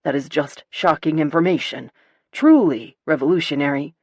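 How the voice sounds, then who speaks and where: A woman narrator voicing a charming, playful young billionaire heir who teases in a low rumbling way. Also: moderate pace, slightly rough, no room sound. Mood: mock-wounded. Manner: teasing, low rumbling banter.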